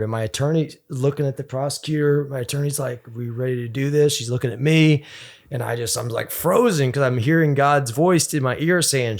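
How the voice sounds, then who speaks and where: A man, a podcast guest, telling a long story in a rambling, animated way, full of restarts and fillers. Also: mid-range voice, fairly quick. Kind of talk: casual storytelling interview.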